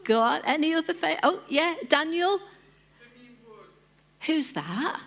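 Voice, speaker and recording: A woman's voice: high-pitched, lively intonation, slow pace, creaky, a bit bright. A woman on her church's lead team, giving an informal sermon, playful and chatty as she calls on the congregation by name. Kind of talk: informal sermon with audience interaction.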